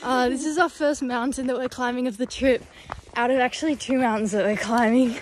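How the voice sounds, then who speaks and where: A woman's voice: fairly high pitch, fairly even intonation, a little fast, a little hiss or hum. A young woman filming a casual hiking vlog on a mountain trail, chatty and sweary, talking into a handheld camera. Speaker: vlogger.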